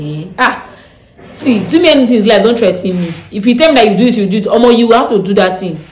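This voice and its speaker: Fast-talking Nigerian woman telling a story. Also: mid-range voice. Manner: animated, blunt, Pidgin-laced storytelling. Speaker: vlogger. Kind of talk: casual storytime. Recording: echoey room.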